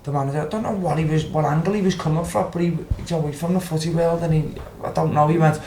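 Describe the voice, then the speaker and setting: Young scouse guy rambling through old footy stories, swearing, a bit high, echoey room, faint hum. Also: fast, few pauses, darkish tone. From Liverpool, England. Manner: swears freely, acts out quotes. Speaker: podcast guest, former footballer. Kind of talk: casual storytelling. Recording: roomy with faint background ambience.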